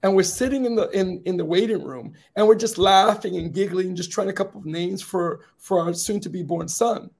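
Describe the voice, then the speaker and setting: A man telling his personal story as an interview guest, earnest and grave in the quiet moments, building to rousing encouragement, with a slightly raspy voice. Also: sits high, a little fast, few pauses. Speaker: guest speaker.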